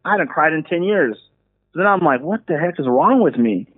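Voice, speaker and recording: A man's voice: on the high side, fairly quick. Man telling his story over a phone line. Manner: slangy, animated, acts out quoted voices. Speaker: guest minister. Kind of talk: casual storytelling. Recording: phone-like call audio.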